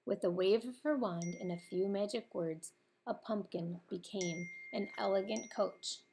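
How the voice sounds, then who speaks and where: A woman's voice: medium pitch, measured pace, gravelly, a little mellow, a little hiss or hum. Woman reading a storybook aloud.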